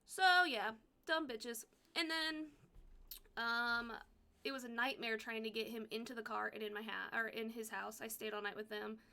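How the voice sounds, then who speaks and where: Blunt, gravelly young woman storyteller. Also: a little high, fairly quick. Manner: blunt, profane, animated retelling with quoted dialogue. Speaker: vlogger telling a personal story. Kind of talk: casual storytelling.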